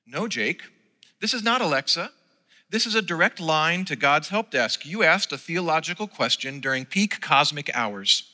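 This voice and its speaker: A man voicing a calm, polite male divine help-desk agent with a British accent, in a sermon story told in a church hall. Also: on the high side, moderate pace, exaggerated voice. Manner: polite, unflappable customer-service tone.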